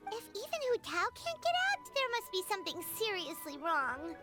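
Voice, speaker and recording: A man voicing a tiny, excitable girlish fairy companion in a high, bouncy voice over a game. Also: moderate pace, music in the background. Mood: excited.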